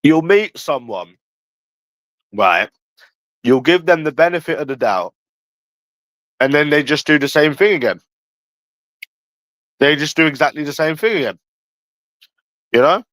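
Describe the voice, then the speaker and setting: A man's voice: fairly high pitch, animated, unhurried, long pauses, fairly bright tone, no echo, poor audio. A man ranting casually on a livestream, blunt and profane, talking straight to a viewer in chat. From England. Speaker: livestream host.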